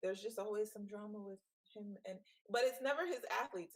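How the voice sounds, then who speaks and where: Animated gossipy woman co-host. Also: medium pitch, a little fast, poor audio. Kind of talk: casual chat.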